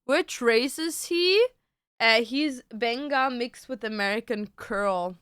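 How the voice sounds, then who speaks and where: Chatty woman streamer, smooth dry voice. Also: fairly high pitch, takes it slowly, fairly bright tone, dry recording. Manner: chatty, swears casually, reads viewer questions aloud. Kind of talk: casual live-stream chat. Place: at home with a cat on her lap.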